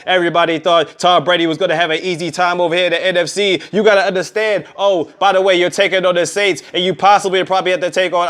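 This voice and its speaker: A man giving a casual, energetic recap of football scores, full of trash talk. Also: sits high, smooth. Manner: energetic, trash-talking, repeats "bottom line is". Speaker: sports recap vlogger. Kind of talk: casual sports recap monologue.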